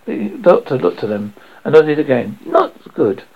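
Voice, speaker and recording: Gravelly man reading a story aloud. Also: fairly high pitch, big pitch swings, moderate pace. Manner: stumbles and restarts while reading. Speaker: audiobook reader. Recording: dull lo-fi audio.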